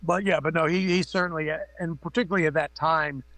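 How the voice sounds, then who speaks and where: A man's voice: a little high, steady tone, quick pace, fairly bright tone, no echo. A middle-aged man and makeup effects artist, a guest on a remote call, telling rambling, profane anecdotes full of fillers. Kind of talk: casual interview storytelling.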